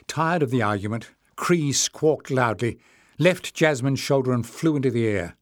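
Reading a fantasy novel aloud from a script, this audiobook narrator keeps a measured pace with expressive storytelling. He speaks at medium pitch in a dry, clean studio recording.

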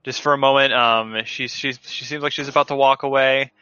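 Bright-voiced male game master. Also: medium pitch, fairly even intonation, a little fast, smooth, no echo. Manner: loose, filler-heavy narration. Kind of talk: narrating a tabletop game online. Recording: dull lo-fi online call audio.

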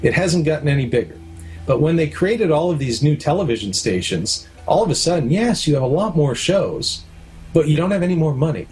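A man's voice: fairly high pitch, very animated, fairly quick, a little mellow, soft background music. A middle-aged man from Canada, a documentary producer and director speaking candidly in an interview, explaining his points with everyday comparisons and stories. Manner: candid, anecdotal, explains with analogies. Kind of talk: casual interview talk.

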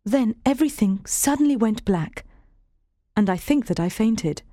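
A woman reading a storybook aloud in a steady, clear first-person voice. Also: on the high side, a little slow, dry recording, studio quality. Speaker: narrator. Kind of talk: scripted storybook narration.

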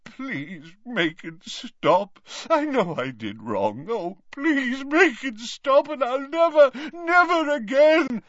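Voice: sits high, very animated, slow, few pauses, a bit bright, no room sound, dull audio, voice pushed up, heavily acted. A reader voicing an old male wizard in agony, wailing, sobbing and begging in an audiobook. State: crying out in torment. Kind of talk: audiobook character voice.

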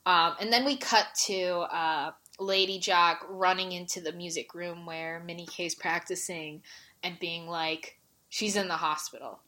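A woman's voice: fairly low pitch, steady tone, unhurried, bright, forceful tone. Woman co-host, casual recap chat, emotional and gushing, filler-heavy delivery. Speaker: podcast co-host.

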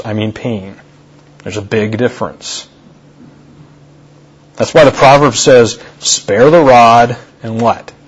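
Husky-voiced man preaching a sermon. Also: medium pitch. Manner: conversational preaching, repeats key phrases for emphasis. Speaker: pastor. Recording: dull lo-fi sermon recording.

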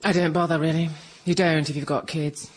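A woman's voice: low voice, fairly even intonation, a little fast. Dry-witted woman, comedy guest. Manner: dry, wry understatement. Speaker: actress guest. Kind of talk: scripted radio comedy sketch. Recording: hissy archive radio recording.

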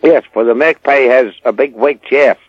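A man's voice: medium pitch, normal speed, breathy edge, dry recording, dull audio. An older man, a rural guest on a radio show, rambling about animals in a folksy, confident way. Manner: rambling, folksy, sure of himself. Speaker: rural guest answering listener questions. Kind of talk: casual radio chat.

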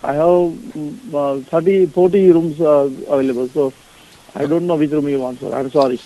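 A motel desk clerk, a man, answers in a somewhat high, mellow voice. He is polite and formal, but his comes out halting as he searches for words. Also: fairly even intonation, highs cut off. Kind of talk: phone conversation.

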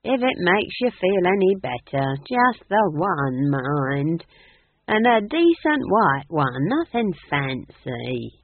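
A narrator voicing a chatty, earthy old female witch in an audiobook, talking in a folksy, drawn-out way, over a tinny, phone-like line. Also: mid-range voice, big pitch swings, husky, voice pushed up, heavily acted. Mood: relenting. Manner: folksy, gossipy, drawn-out speech.

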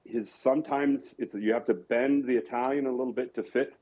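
A man's voice: medium pitch, steady tone, a little fast. A man from rural Colorado, an opera singer guest, explaining his craft in a reflective, thoughtful way. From rural Colorado, USA. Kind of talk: casual interview talk. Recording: dull lo-fi audio.

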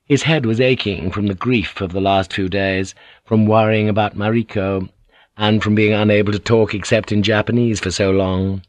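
A man with a fairly low voice narrates an audiobook in a measured, even storytelling manner, in a dry recording.

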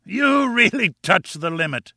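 A man doing a booming old professor who lectures with open contempt, his voice pushed well above the reader's own and bright and forceful at the edges. He sounds triumphant and sure of himself, close and dry against the mic. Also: big pitch swings, unhurried, gravelly, no echo, exaggerated voice. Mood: scornful. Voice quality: booming and scornful. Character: pompous, contemptuous older male professor.

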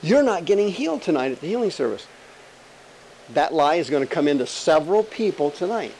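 A male pastor delivering a lively sermon with a higher-than-usual voice. He is emphatic and jokey, firing rhetorical questions, with a faint room ambience behind him. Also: a little fast, a little hiss or hum, rough recording.

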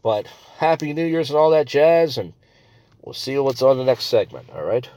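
A man's voice: mid-range voice, animated, moderate pace, mellow, slight background noise. A man hosting a comedy podcast, ranting crudely and rambling between stories. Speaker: podcast host.

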